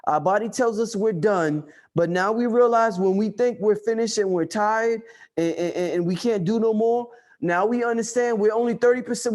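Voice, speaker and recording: Male livestream host, high voice, forceful preaching rant. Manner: loud, emphatic, profane preaching; reads and answers viewer chat.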